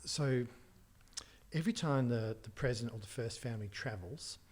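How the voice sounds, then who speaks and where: A middle-aged man, a tech entrepreneur as interview guest, telling anecdotes with laughs and quick restarts. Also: mid-range voice, animated, darkish tone. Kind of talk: casual storytelling in a podcast interview.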